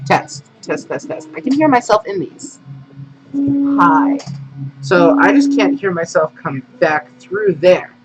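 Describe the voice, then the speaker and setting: A man's voice: high-pitched, animated, slow, over loud music. A man hosting a casual live stream, rambling, humming and muttering to himself as he sets up. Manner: rambling, hums and mutters while setting up. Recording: noisy home stream audio.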